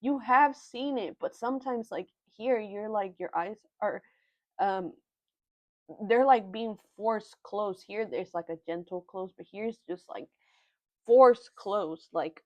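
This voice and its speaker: A young woman giving a tarot reading in an earnest, halting way, often moved by what she says. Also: mid-range voice, darkish tone, no echo. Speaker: tarot reader. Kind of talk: pick-a-card tarot reading.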